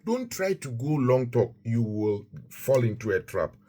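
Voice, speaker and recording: A man's voice: medium pitch, very animated, measured pace, warm tone. A man teaching a Christian lesson on marriage, emphatic and repetitive, quoting scripture as he preaches.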